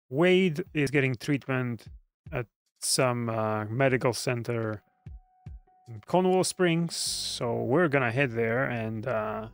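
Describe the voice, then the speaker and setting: A man's voice: medium pitch, no room sound, clean studio sound. A man chatting casually with viewers while streaming a game, joking and greeting people by name. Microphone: studio USB microphone.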